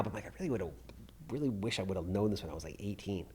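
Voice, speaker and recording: A man's voice: low voice, animated, quick pace, a little mellow, husky. A middle-aged man hosting a podcast, chatting casually with blunt, opinionated remarks and free swearing. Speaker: podcast host. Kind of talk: casual chat.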